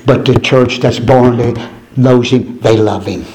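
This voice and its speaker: A man preaching a fervent sermon, going from low, measured speech to high, shouted preaching. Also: fairly even intonation. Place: church. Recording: echoey church room, far from mic, congregation.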